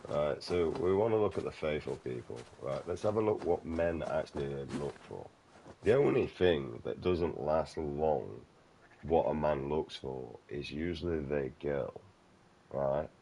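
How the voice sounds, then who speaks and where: A man with an extremely deep, gravelly voice talks casually while he plays a game. He rambles from one tangent to the next, swears freely and keeps calling the listener mate. The recording carries a clear noisy hiss underneath. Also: animated, a little slow, mellow. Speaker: gaming channel host. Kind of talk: casual chat over gameplay.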